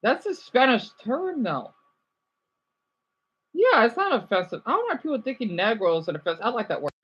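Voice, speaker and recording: Young guy, bright tone, rambly livestream chat, reads comments aloud. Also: extremely high pitch, very animated, normal speed, slightly rough, muffled recording. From United States.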